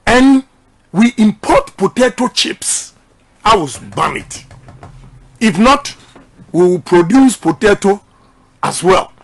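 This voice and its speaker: A middle-aged man with a Ghanaian accent delivers a campaign speech, pitched noticeably high for a man. He is forceful and emphatic, repeating his key lines so they land with the crowd. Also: animated, slow pace, long pauses. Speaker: politician.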